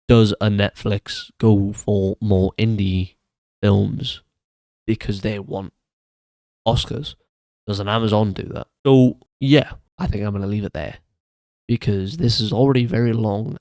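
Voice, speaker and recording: A man reviews films in a loose, unscripted way, often stumbling and restarting his sentences. His voice sits fairly low. The sound is dry and close, with no room around it. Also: vocal fry, a little mellow, no echo. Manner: hesitant, many restarts and fillers. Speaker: film reviewer. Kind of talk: casual solo video commentary.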